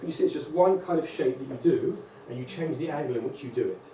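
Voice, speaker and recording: A man, a rabbi, giving a lively conference lecture to teachers and often checking in with "right?" and "okay?". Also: medium pitch, fast talker. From England. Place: large lecture hall. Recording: echoey hall, distant mic, faint hum.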